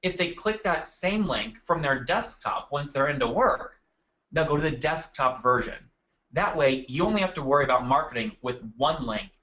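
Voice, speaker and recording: A man's voice: on the high side, animated, moderate pace, bright, forceful tone, highs cut off. A man hosting a live marketing webinar, talking energetically and calling out attendees by name from his desk. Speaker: webinar host. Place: home desk.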